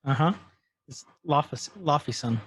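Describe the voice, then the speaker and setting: A podcast co-host with a husky, mid-range voice casually recaps a show at a normal speed. He's animated, acting out quotes from scenes as he goes.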